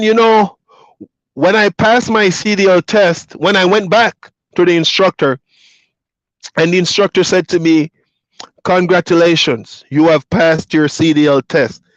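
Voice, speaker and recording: Jamaican man, Patois native, high-pitched, relaxed livestream chatter answering comments; dry, muffled audio. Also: measured pace, no echo. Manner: reads viewer comments aloud and chats back, easygoing, laughs often. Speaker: truck driver streamer. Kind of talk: casual livestream chat. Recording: dull lo-fi dry sound.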